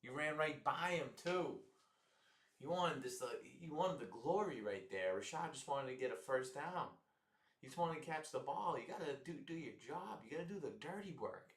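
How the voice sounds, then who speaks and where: Man, live game reactions, excitable, repeats lines, roomy room sound, off the mic. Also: on the high side, moderate pace, recorded from a distance. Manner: excitable, exasperated, laughs often, repeats himself. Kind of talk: casual live football reaction.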